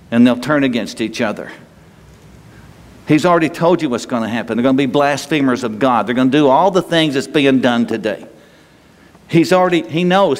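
A man preaching a sermon as a pastor, folksy and rambling, with restarts and small chuckles. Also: medium pitch. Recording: long hall reverb.

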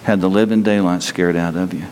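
A man preaching a sermon to a congregation, telling stories in an animated way and moving between loud bursts and quieter stretches. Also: low-pitched, a little fast, slight background noise. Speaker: pastor. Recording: long hall reverb.

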